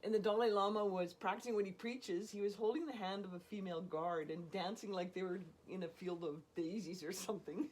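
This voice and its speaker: A woman casually telling a personal story in an animated way, often laughing and acting out what people said. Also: mid-range voice, brisk, hardly any pauses. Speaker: storyteller guest.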